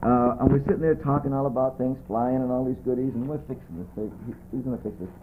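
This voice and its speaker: A man's voice: mid-range voice, fairly even intonation, fast. A man chats casually, telling rambling stories with plenty of enthusiasm. The recording is tinny and lo-fi, with a faint hiss behind him. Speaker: guest musician. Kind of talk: casual chat. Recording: tinny lo-fi videotape audio.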